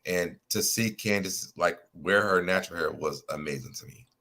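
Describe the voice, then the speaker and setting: Male co-host, low voice, relaxed recap banter, chatty and easygoing. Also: normal speed. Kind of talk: casual recap chat.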